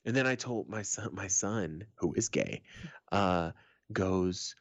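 A man's voice: low-pitched, expressive, takes it slowly, creaky, no room sound, dull audio. A middle-aged man co-hosting a podcast, telling stories bluntly and joking with casual swearing. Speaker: podcast co-host. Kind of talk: casual chat.

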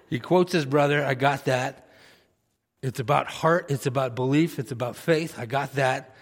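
A man's voice: medium pitch, slow, long pauses, long reverb tail. A man preaching a sermon, passionate and emphatic, saying he is fired up rather than angry.

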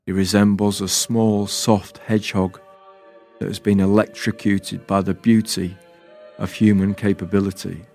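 A man tells a poetic spoken-word story, calm and deliberate with a wistful tone. He speaks very slowly in a lowish voice. Faint music plays underneath. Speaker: writer and performer, narrator.

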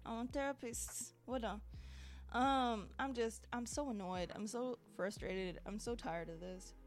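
A woman's voice: on the high side, unhurried, faint music behind. Exasperated woman ranting on a podcast. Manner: exasperated and sarcastic, repeats words for emphasis. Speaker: podcast host. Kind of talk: solo diary-style rant.

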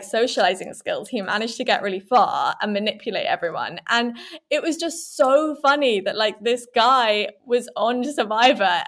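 Chatty young woman gushing. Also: a little high. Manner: animated, gushing, quick asides. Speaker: podcast co-host. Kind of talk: casual chat.

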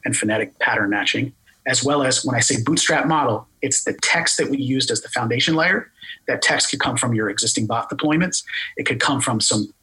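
A man with a Philadelphia accent explaining a technical product in an interview, talking fast and full of jargon. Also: medium pitch, bright, forceful tone, breathy edge, poor audio. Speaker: tech company guest explaining voice AI.

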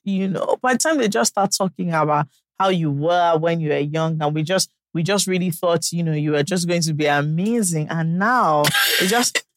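A woman with a Nigerian accent, co-hosting a podcast in casual chat, animated and leaping into high exclamations as she tells stories. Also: normal speed, no echo. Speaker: podcast co-host.

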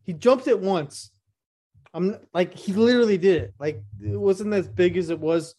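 A man's voice: sits high, normal speed, dark tone. A young man co-hosting a podcast, telling crude stories casually and laughing often. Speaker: podcast co-host. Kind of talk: casual chat.

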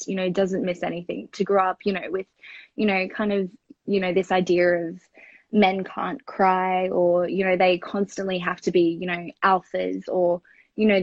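A woman's voice: on the low side, no echo. A young woman with an Australian accent telling a personal story, rambling and full of fillers. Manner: rambling, filler-heavy and chatty. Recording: dull, lo-fi dry home recording.

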